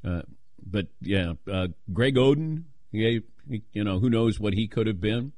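A man hosting a sports call-in radio show, self-deprecating and quick to laugh. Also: on the low side, a little mellow, no echo, clean studio sound.

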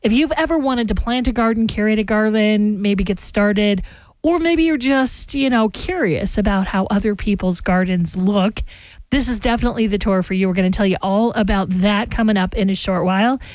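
A woman's voice: medium pitch, normal speed, darkish tone, dry recording. Chatty woman radio host. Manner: chatty and rambling, talks straight to listeners. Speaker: radio morning show host. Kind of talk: casual radio chat. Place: radio studio. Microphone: studio microphone.

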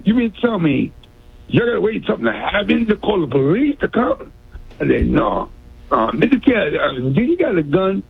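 Stammering high-voiced man on a phone line. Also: sing-song, normal speed, creaky, husky. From New York City. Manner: rambling, stammering, repeats himself. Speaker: caller. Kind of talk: rambling call-in story.

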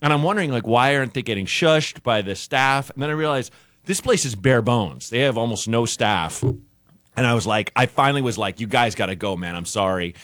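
A man, a comedian guest on a radio show, telling an anecdote in an animated way, acting out the people in it. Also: mid-range voice, moderate pace, no echo, clean studio sound. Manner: animated, acts out voices in anecdotes. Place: radio studio.

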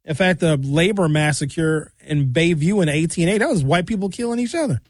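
A man's voice: fairly high pitch, expressive, a little fast, dry recording, studio quality. A man delivering an opinionated, mocking rant as a monologue. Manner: ranting, mocking. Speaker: commentator.

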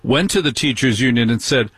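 A middle-aged male radio host holds forth in an indignant talk radio monologue. His voice is husky, sitting at an ordinary pitch, and the sound is dry and close with no room around it. He keeps firing rhetorical questions at his listeners. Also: animated, fairly quick, a bit bright, dry recording.

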